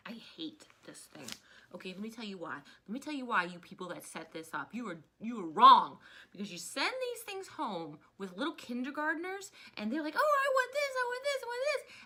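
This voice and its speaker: A woman in her thirties teaching a history lesson in a chatty, casual way, often veering off into animated personal rants. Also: sits high, slight background noise. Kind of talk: casual recorded history lecture.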